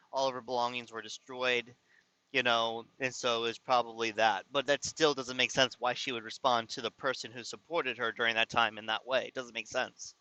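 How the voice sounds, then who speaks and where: A man's voice: mid-range voice, pushed and bright, clean tone, no echo, poor audio. A man telling a personal story to his viewers in a casual, rambling way, often exasperated and restarting his sentences. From California. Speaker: vlogger.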